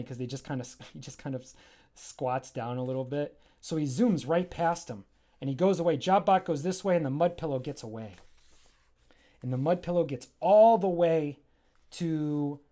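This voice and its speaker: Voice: medium pitch, mellow. A comic creator on a livestream, casually walking through their own graphic novel, enthusiastic and rambling.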